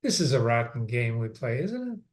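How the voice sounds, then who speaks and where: A weary, guarded young woman nurse speaks in a soft, slightly raised voice, as a man reading aloud puts her on. She sounds tired and gently resigned, sitting at a middling pitch. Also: very animated, brisk, lightly acted. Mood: wistful.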